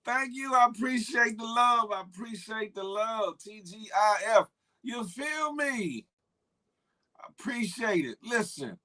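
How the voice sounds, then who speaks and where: A man's voice: extremely high pitch, animated, measured pace, sharp tone. A man hosting a morning live stream, chatting loosely in slang, greeting viewers by name and riffing on internet gossip. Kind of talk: casual live-stream chat.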